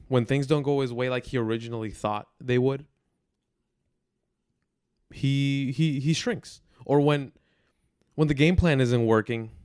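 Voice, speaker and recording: Young male podcast host, mid-pitched, blunt football rants, crisp voice, dry close sound. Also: no echo. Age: 20s. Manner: frustrated, blunt, repeating himself for emphasis. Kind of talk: football commentary monologue.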